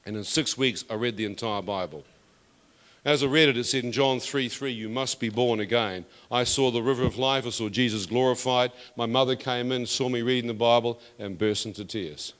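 A man preaching a testimony sermon, emphatic and building to loud declarations. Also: medium pitch, moderate pace. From New Zealand. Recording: long reverb of a hall.

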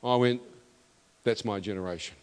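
A man preaching a testimony sermon, emphatic and building to loud declarations. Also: fairly low pitch, moderate pace, smooth. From New Zealand. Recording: long reverb of a hall.

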